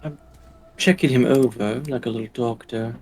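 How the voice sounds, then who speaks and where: A man playing a tabletop game, speaking in a mild, measured way. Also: mid-range voice, fairly even intonation, darkish tone, low-quality recording. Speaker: player. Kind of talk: casual tabletop play.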